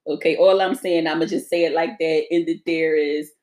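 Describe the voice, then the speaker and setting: A woman's voice: sits low, fairly quick. Brash, profane woman podcast co-host. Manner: brash, profane, animated, laughs loudly. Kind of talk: casual conversation.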